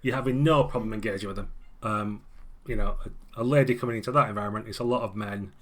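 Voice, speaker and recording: A man's voice: on the low side, fast talker, a bit bright. A man running a tabletop game as game master, narrating scenes in a loose, chatty way.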